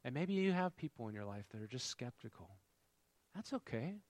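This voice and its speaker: A man's voice: mid-range voice, sing-song, a little fast, darkish tone, no room sound. A man preaching a sermon in a conversational way, often asking the congregation questions. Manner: engaging, quizzes the congregation. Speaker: pastor.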